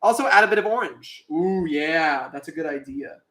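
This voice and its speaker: Guy livestreaming his art, high bright voice, kinda echoey room, chatty and playful. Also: lively intonation, normal speed. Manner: chatty, playful, talks to chat. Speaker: streamer and artist. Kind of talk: casual livestream chat while drawing.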